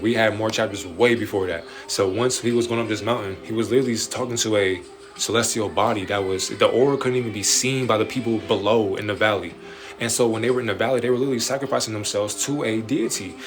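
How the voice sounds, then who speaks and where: Guy with a lowish voice going off on a late night stream, preachy, slangy, cussing, faint music playing behind him. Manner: preachy and animated, with slangy street talk and swearing. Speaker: livestream host answering viewer questions. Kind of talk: late-night livestream monologue on spirituality. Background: faint music playing in the background.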